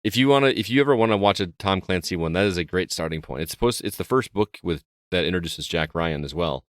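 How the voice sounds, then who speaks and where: A man co-hosts a casual podcast, wandering through an anecdote and restarting his sentences as he goes. His voice sits very low, and the recording is dry with no room sound. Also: expressive, fast talker, no echo. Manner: rambling, storytelling, frequent restarts. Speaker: podcast co-host. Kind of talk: casual chat.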